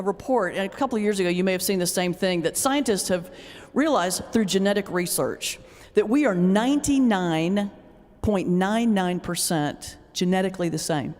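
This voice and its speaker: A woman pastor giving a humorous lecture, telling lively stories and laughing often as she speaks. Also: mid-range voice. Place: lecture hall. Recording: long hall reverb.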